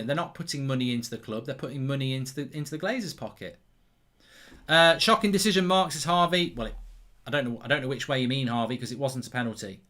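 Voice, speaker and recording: A man in his thirties hosting a football watchalong, reading viewer messages aloud and commentating the match as it happens, getting loud and excited in big moments. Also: on the high side. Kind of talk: live match commentary and chat.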